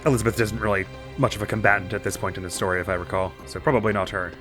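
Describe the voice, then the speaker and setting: A man's voice: fairly low pitch, fairly even intonation, rapid-fire, over music. A man hosting a let's play, chatting playfully over the game and making goofy sound effects. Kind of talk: gameplay commentary.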